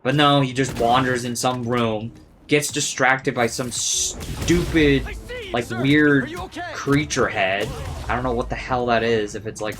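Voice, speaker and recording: A man casually reviewing a film, rambling and sarcastic, with lots of swearing. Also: medium pitch.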